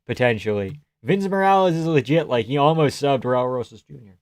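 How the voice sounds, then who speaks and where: A man's voice: mid-range voice, lively intonation, fairly quick, no room sound. A young man hosting a live stream, casually chatting and reading viewer comments aloud, swearing freely and laughing often.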